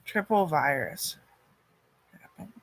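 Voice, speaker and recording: A woman in a rambling personal monologue, cursing often, her loudness swinging from loud outbursts to near-murmurs. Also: deep voice, animated, takes it slowly, no echo.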